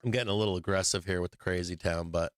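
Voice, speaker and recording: A man's voice: deep voice, steady tone, fast, no room sound. A man hosting a stock market show who gives casual trading commentary in a blunt, profane, rambling way with many fillers.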